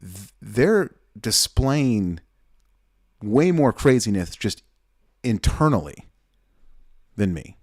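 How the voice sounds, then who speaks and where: A middle-aged male weightlifting coach commenting casually on a training clip, blunt and fired up, with a habit of repeating his points. His voice sits on the low side and sounds dry and close, with no room around it. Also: sing-song, slow pace, pauses often, darkish tone, no room sound.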